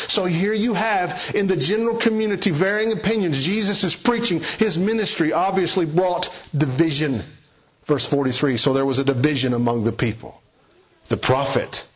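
Husky guy preaching, emphatic, acts out the quotes, muffled lo-fi sound. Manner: emphatic, shifts pitch widely for quoted speech. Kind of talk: expository sermon. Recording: dull lo-fi recording.

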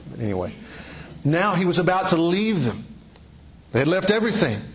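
A man preaching a sermon in an earnest, exhorting way, dropping low and rising to high emphatic peaks. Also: a bit bright. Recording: dull lo-fi recording.

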